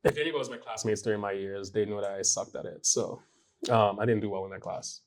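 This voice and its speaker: Fast-talking man telling stories. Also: on the low side, crowd noise. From Hawaii. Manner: animated storytelling, many fillers. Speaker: fashion designer. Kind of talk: casual panel conversation.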